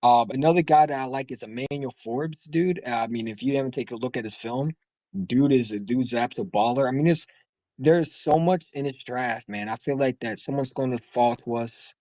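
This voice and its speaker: A man's voice: medium pitch, brisk, dark tone, no echo, highs cut off. A man calling in to a sports talk show, talking casually in a rambling, heated way with many restarts. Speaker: caller. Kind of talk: casual sports call-in chat.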